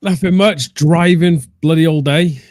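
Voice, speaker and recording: A man's voice: on the high side, measured pace, darkish tone. A man from Wales with a Welsh accent, a podcast guest chatting bluntly and grumbling a bit. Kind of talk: casual chat.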